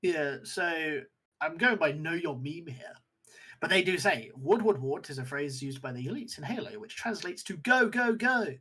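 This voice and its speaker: Man, higher voice, husky, jokey animated podcast chat. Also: normal speed. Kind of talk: casual chat.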